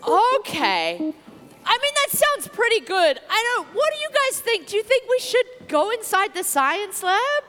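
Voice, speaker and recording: A woman presenting a children's make-believe adventure, bubbly and lively as she talks to the young audience. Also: extremely high pitch, a little slow. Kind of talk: playful make-believe for kids. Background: music.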